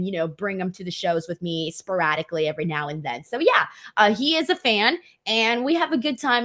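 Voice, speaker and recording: Young woman, casual Q&A vlog, chatty, fairly high voice. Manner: chatty, animated, many fillers. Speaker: wrestling media host.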